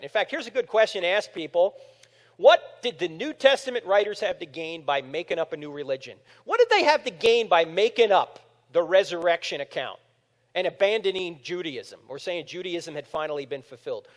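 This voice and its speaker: A man's voice: high voice, moderate pace. A man in his fifties giving an apologetics talk to a live audience in a large room, telling stories and acting out the people in them. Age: 50s. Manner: animated storytelling, acting out quotes. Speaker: speaker. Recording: long hall reverb.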